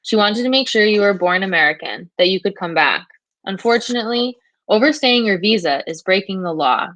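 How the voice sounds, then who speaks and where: A woman's voice: medium pitch, animated, a little fast, a bit bright, no room sound, close to an everyday voice, low-quality recording. A woman voicing a persuasive woman detective who coaxes a teenage girl. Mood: coaxing. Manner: coaxing, persuasive.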